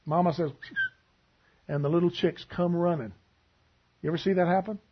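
A man preaching a sermon, telling stories and acting out both sides of a conversation in a husky voice. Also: high voice, fairly even intonation, moderate pace, dull audio.

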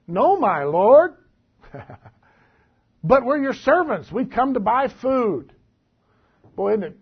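A man's voice: high-pitched, husky. A man preaching a conversational Bible-teaching sermon in a folksy way, asking the congregation questions as he reads through the text. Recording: dull lo-fi recording.

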